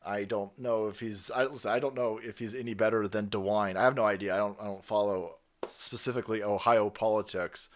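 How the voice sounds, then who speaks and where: A man's voice: fairly low pitch, fairly even intonation, fairly quick. A man giving crude, mocking reaction commentary, ranting and swearing. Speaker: online commentator.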